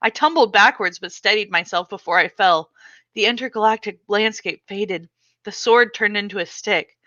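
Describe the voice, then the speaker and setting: A woman author reads aloud from her memoir in an expressive, dramatic way. Her voice is bright and crisp, recorded close and dry. The recording sounds slightly dull and muffled. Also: medium pitch, moderate pace, dry recording.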